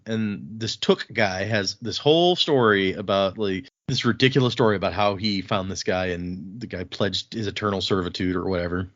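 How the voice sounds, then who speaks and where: A man co-hosting a casual book podcast, recapping the plot in a chatty way and acting out quick bits of dialogue. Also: low voice, fairly bright tone, no room sound, lo-fi sound. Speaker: podcast co-host.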